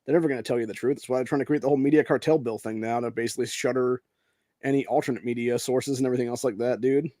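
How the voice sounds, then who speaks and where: A man's voice: mid-range voice, steady tone, rapid-fire, warm tone, no echo. A man from Ohio hosting a podcast, giving casual news commentary in a brash, profane way that is heavy on "dude.". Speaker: podcast host.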